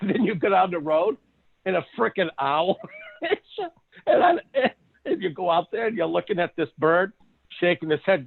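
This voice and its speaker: A man's voice: fairly high pitch, creaky, husky, narrow, tinny audio. A man in casual chat who tells stories with a lot of energy, laughs often and acts out voices as he goes. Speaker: co-host.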